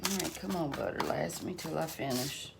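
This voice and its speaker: A woman's voice: sits low, normal speed, gravelly. A middle-aged woman hosting a home cooking channel, chatting folksily to her viewers as she cooks in her kitchen. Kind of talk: casual cooking vlog chat. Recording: noisy home recording.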